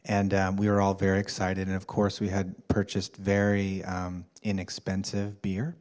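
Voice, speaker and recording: Low-voiced man telling a story. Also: monotone, a little mellow. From United States. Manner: halting, many fillers and restarts, amused. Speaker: workshop participant. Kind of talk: personal anecdote to a group.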